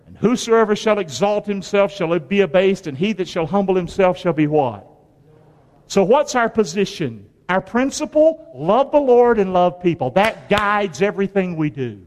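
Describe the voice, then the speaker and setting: A man preaching a sermon, animated, often asking the congregation "Amen?". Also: high voice, in a large hall. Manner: animated, call-and-response, frequent "Amen?".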